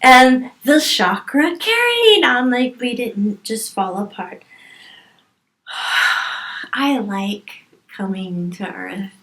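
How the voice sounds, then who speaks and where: Woman channeling spirit guidance, slow and emphatic, says things over for stress, roomy echo. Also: on the high side, lively intonation, sharp tone. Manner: emphatic, repeats words for stress. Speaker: medium channeling a spirit guide.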